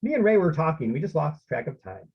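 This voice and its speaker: A man's voice: a little high, sing-song, fast, creaky. A man voicing a sulky, defiant teenage girl with whiny, indignant outbursts, heard on slightly muffled lo-fi audio.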